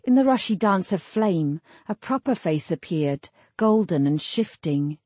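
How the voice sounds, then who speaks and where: A woman narrating a fantasy novel in a measured, lyrical storytelling manner. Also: fairly low pitch, lively intonation, mellow, husky, dry recording. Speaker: audiobook narrator. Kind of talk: scripted narration.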